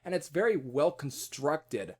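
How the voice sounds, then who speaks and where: A man with a somewhat high voice talks through a music album review in a loose, unscripted way. He restarts sentences often, fills gaps with fillers and now and then throws in a curse. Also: big pitch swings, a little slow, darkish tone. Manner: rambling, many restarts and fillers, casual cursing. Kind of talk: casual spoken music review.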